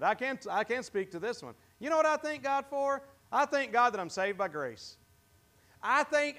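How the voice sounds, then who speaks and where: High-voiced pastor quizzing his congregation. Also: pushed and bright. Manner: conversational, asks the congregation questions; halting, with many restarts. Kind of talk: interactive sermon. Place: church.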